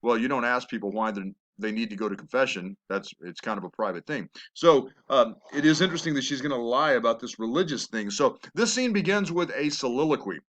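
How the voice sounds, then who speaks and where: A man's voice: mid-range voice, animated, brisk, hardly any pauses, a bit bright. A man teaching a lesson on a play, talking in a conversational way with asides and fillers. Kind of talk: recorded lecture.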